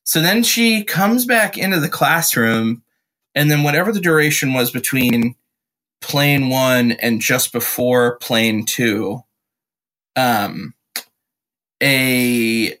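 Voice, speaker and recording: A man's voice: mid-range voice, takes it slowly. A young adult man, a podcast guest, telling a story in casual chat and slipping into impressions. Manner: animated storyteller, slips into voices. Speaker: podcast guest, musician and actor.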